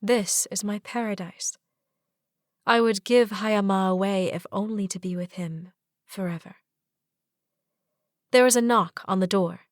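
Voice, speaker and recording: A woman narrating a first-person fantasy romance audiobook in a soft, even storytelling manner. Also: medium pitch, measured pace, long pauses, no echo, clean studio sound.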